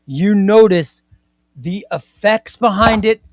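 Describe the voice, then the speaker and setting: A man hosts a casual comics livestream, pitched a little high for a man. He talks emphatically and circles back to repeat his points, and he reads viewer comments aloud. The sound is close and dry, with no room in it. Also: takes it slowly, dry recording.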